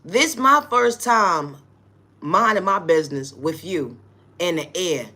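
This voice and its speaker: Woman vlogger, lively bright voice, foul-mouthed comic rant, exasperated and laughing. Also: fairly low pitch, takes it slowly. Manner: profane, exasperated, laughing often. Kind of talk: comedic storytelling rant.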